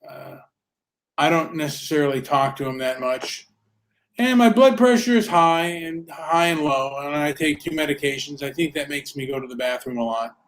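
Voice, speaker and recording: A man ranting in casual video chat, rambling with halting repetitions and frequent swearing. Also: on the high side. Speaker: host. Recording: echoey room.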